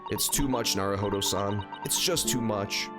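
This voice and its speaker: A man voicing a gentle young woman assistant who speaks softly and slowly. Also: on the low side, over loud music, natural voice. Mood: mournful.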